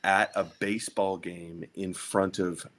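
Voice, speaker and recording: A man with a lowish but bright voice shares a work story in a relaxed conversation. He talks chattily, with lots of fillers and restarts. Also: measured pace. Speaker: guest, flight attendant. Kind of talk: casual storytelling chat.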